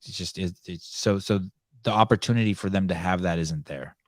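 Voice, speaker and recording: A man hosting a live call-in podcast, talking in a rambling, halting way with many restarts. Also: sits low, no room sound, clean studio sound. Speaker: podcast host.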